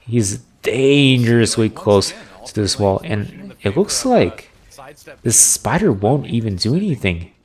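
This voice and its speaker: A man casting a video game match with live play-by-play, analytical and getting excited on big plays. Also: mid-range voice, slow. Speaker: esports caster.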